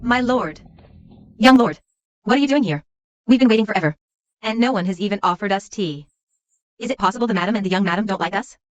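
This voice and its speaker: A woman's voice: mid-range voice, quick pace, dry recording, lo-fi sound, close to an everyday voice. A woman voicing a complaining concubine in a dubbed period drama, wheedling and pleading.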